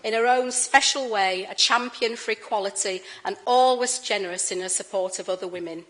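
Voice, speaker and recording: A middle-aged woman giving a formal speech in a council chamber, anecdotal and gently humorous. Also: mid-range voice, fairly quick, poor audio. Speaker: incoming Lord Mayor.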